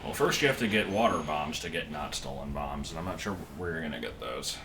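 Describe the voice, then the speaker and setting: A man chatting casually over a game, rambling and swearing offhandedly, getting animated when he rants. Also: extremely low pitch, brisk, noisy background. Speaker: co-host chatting during a game stream. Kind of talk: casual chat. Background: loud game music.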